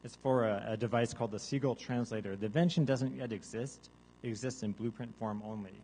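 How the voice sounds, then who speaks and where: A man giving a deadpan mock science lecture to a live audience, now and then breaking into loud seagull caws and zombie groans. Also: mid-range voice, brisk, a little hiss or hum, low-quality recording. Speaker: guest artist presenting research. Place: large hall with a live audience.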